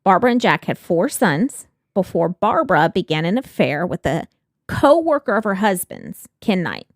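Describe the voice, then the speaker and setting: Woman, true-crime podcast co-host, lower voice, animated, dry studio sound. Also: normal speed, no echo. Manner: laughs often, swears freely, animated.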